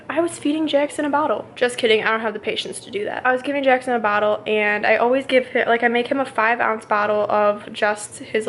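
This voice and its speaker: Fast, chatty young woman ranting. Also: on the high side, slight background noise, low-quality recording. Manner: chatty, ranting, full of "like" fillers. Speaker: vlogger and young mother. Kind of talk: casual vlog storytime.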